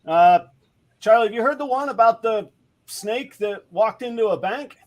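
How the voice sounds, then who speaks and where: A man hosting a live stream, telling a long rambling joke with lots of halting fillers. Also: high voice, animated, dull audio. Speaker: show host.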